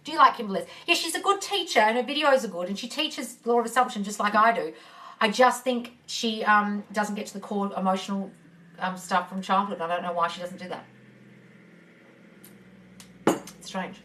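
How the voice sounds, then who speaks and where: On her phone, a woman manifesting coach takes viewer questions in a live Q&A, swearing freely and calling everyone darling. Her mid-range voice has a sharp edge and moves at a normal speed. The mic sits a bit far from her.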